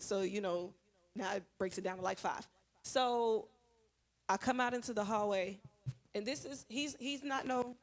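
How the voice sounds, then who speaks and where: A woman speaks earnestly at a church Bible study and tells a personal story from her teaching work. She keeps it animated and conversational and slips into the voices of the people in her story. Her pitch sits in the middle. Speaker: schoolteacher sharing at a Bible study.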